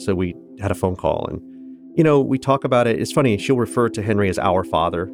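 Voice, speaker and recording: Deep-voiced man telling his story. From Kansas, United States. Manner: earnest, candid, with restarts and laughs. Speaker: guest. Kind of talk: reflective personal storytelling.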